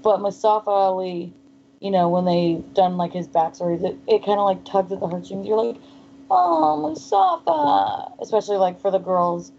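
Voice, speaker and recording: Female co-host, mellow and playful, muffled audio with faint hiss. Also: fairly low pitch, level tone, fairly quick. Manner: playful, apologetic, swears casually. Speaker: podcast co-host. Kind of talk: casual chat. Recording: dull lo-fi with faint noise.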